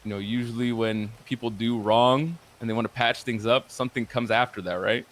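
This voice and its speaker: A man's voice: mid-range voice, fairly even intonation, brisk, fairly bright tone. Man rambling through a profane story. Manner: rambling, profane, quotes others back and forth. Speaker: streamer recounting a roleplay session. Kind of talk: casual storytelling.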